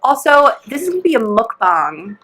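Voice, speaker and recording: A woman's voice: fairly high pitch, normal speed, poor audio. A young woman co-hosting a podcast from home, chatting casually and laughing often as she tells stories. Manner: giggly, animated storyteller. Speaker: podcast co-host. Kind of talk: casual chat.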